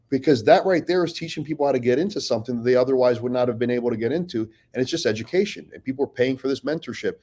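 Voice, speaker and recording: A man in the middle pitch range of men, speaking as a podcast guest. He talks bluntly and swears freely. His storytelling is animated, with frequent restarts. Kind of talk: casual podcast talk.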